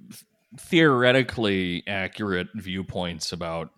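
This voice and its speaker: A man co-hosting a podcast in casual comedic chat, with dry, deadpan irony. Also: low-pitched, measured pace, clear, resonant tone. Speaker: podcast co-host.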